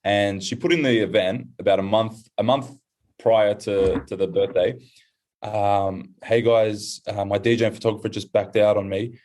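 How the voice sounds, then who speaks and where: A young man with an Australian accent, a podcast guest, telling a story casually and putting on high voices when he quotes others. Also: moderate pace. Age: young adult. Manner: animated, acts out quoted voices in high pitch.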